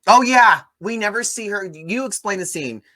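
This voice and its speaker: Guy in his 30s doing a movie review chat, bright voice, really animated. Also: sits high, moderate pace. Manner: animated storytelling, acts out quoted lines. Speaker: movie review podcast host.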